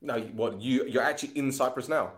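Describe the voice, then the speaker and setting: A man's voice: medium pitch, quick pace. Joking, casual male stream host. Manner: jokey, swears freely, laughs often. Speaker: host of a fan livestream. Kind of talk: casual football chat.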